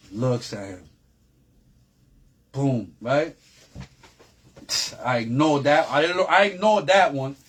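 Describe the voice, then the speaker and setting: A man's voice: medium pitch, slow, long pauses, a little hiss or hum. A man, a guest telling a long story in a casual, streetwise way with heavy slang and repeated phrases. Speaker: interview guest.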